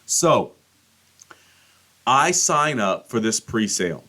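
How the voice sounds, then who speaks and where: A middle-aged man hosting a podcast, telling a rambling, profane story and acting out quotes with big jumps in pitch. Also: very animated, slow, sharp tone. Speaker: podcast host. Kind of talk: casual monologue.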